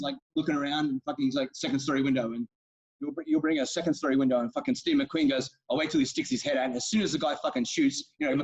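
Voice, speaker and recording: A man's voice: medium pitch, husky. A man co-hosting a podcast, retelling film scenes in a rambling, profane, enthusiastic way. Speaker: podcast co-host. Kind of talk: casual film chat. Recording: dull lo-fi sound.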